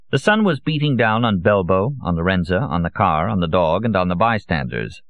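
A man with a very low voice narrates a novel at an even, measured pace. The recording is dry and close, with a dull, lo-fi sound. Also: dry recording. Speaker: audiobook narrator. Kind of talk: scripted narration. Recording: dull, lo-fi audio.

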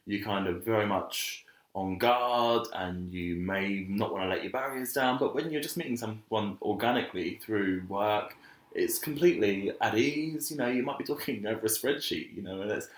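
A man's voice: fairly low pitch, normal speed. A man co-hosting a casual chat, thoughtful and agreeable, often laughing along. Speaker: co-host. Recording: roomy echo.

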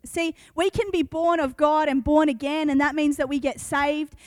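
High-voiced woman giving a chatty youth talk. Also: fairly even intonation, moderate pace, dry recording, studio quality. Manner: chatty and earnest, full of "like" and "um". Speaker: youth speaker. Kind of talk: casual youth devotional talk.

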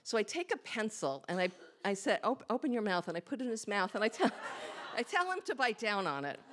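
Woman doing a live story set, self-mocking and candid, plays out her own thoughts, mid-pitch voice. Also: very animated, fast talker, a bit bright. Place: small hall with a live audience.

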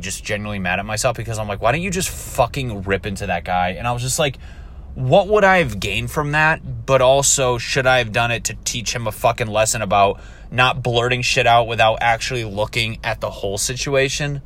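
A young man in a car, telling a profane, animated story about strangers at a store as a casual vlog rant. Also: fairly low pitch. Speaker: vlogger. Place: in a car while driving.

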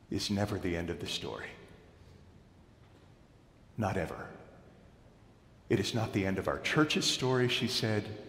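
Man preaching in a reverberant church. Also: on the low side. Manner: dramatic storytelling, building to loud proclamations. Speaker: pastor. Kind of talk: sermon. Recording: echoey hall.

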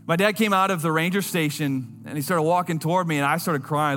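A man preaching a sermon, telling a personal story in an earnest voice that drops low and quiet at tender moments. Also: brisk, long reverb tail, a little hiss or hum.

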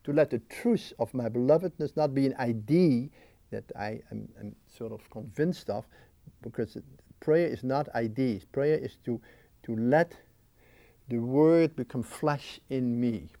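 Casting note: earnest man, gravelly and dark-toned, restless delivery that jumps from near-whispers to bursts, with stammered repeats. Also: medium pitch, a little slow, no echo. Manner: earnest, swings from hushed to excited; repeats and restarts words when worked up. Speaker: interviewee, spiritual writer. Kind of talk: reflective interview answers. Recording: archival interview recording.

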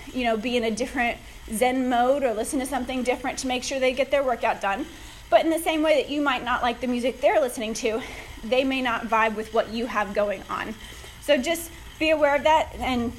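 A woman's voice: on the high side, slight background noise, poor audio. A woman hosting a fitness podcast, chatty and upbeat, a little out of breath as she pedals an exercise bike. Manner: upbeat, chatty, gives advice directly. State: slightly out of breath from cycling. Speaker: podcast host, fitness coach. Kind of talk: casual solo podcast talk.

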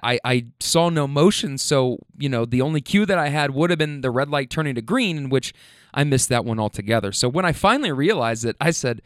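Clear-voiced man telling a driving story. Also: mid-range voice, animated, fairly quick, no echo, studio quality. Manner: candid, profane, laughs often. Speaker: rideshare driver telling a story. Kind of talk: casual storytelling.

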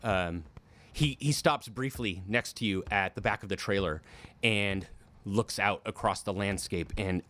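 A man's voice: fairly low pitch, normal speed, a bit bright, a little hiss or hum. A man running a tabletop game as game master, narrating scenes in vivid, descriptive bursts.

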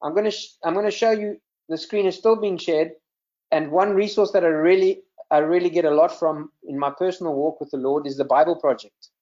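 A man's voice: on the high side, fairly even intonation, fairly quick, a little mellow, highs cut off. A man serving in ministry gives an earnest sermon over a video call, often repeating words as he teaches. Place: video call with screen share.

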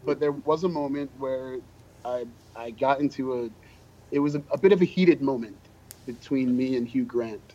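A man's voice: mid-range voice, normal speed, warm tone. A man, a podcast guest, casually telling self-deprecating anecdotes about his time as a drummer. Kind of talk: casual storytelling. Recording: dull, lo-fi podcast audio.

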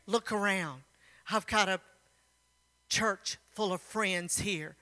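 A woman preacher tells a story at a slow, deliberate pace, then turns to fervent exhortation of her congregation. Her voice is bright and clear. A long reverb from the church hall hangs around every phrase. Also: mid-range voice. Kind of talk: sermon.

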